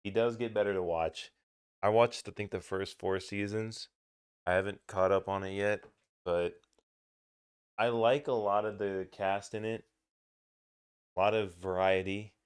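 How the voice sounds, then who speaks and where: A man's voice: on the low side, fairly even intonation, measured pace, long pauses, clean tone. A young man co-hosting a podcast in casual chat, laid-back, swearing casually and laughing often. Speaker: podcast co-host.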